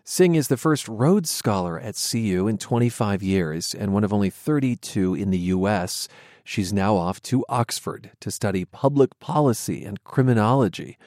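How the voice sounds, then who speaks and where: Male radio host, friendly and measured, expressive intonation, dry studio. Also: on the low side, no room sound. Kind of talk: radio interview.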